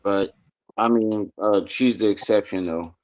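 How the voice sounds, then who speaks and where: A man's voice: on the low side, a little slow, a little mellow. A man on a livestream panel, chatting in loose, slangy banter. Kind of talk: casual online chat. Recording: dull lo-fi call audio.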